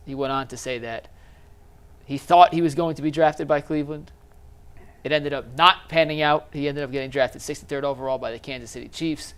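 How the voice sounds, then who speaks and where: A man's voice: fairly high pitch, steady tone, clear, resonant tone. Man hosting a sports talk show. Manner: steering the discussion, quick questions. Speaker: show host.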